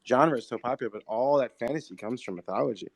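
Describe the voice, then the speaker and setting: Fast-talking, enthusiastic man. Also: medium pitch, vocal fry, dry recording. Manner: rapid, enthusiastic, lots of fillers. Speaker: screenwriter and show creator. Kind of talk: casual podcast conversation.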